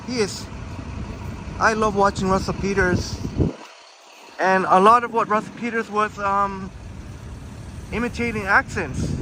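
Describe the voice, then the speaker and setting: A man with a high voice strolls through a busy downtown street on a live stream, reading viewer comments aloud and answering them in an easygoing, chatty way. He laughs often. Loud traffic and city sounds fill the background of the phone recording. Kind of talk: casual walking live stream.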